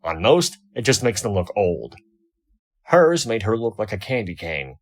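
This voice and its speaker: A man reading a first-person fan fiction story aloud, wry and expressive. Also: lowish voice, measured pace. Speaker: audiobook reader.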